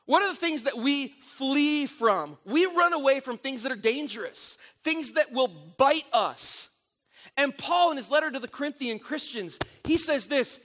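A middle-aged man preaching a sermon, telling stories in an animated way with frequent restarts. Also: extremely high pitch, normal speed. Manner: animated storytelling with repeated restarts. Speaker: pastor.

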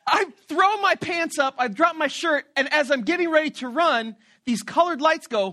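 A man preaching a sermon who tells a story about himself in an animated, playful and self-mocking way. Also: very high voice, normal speed, hardly any pauses, no room sound, clean studio sound. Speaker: pastor.

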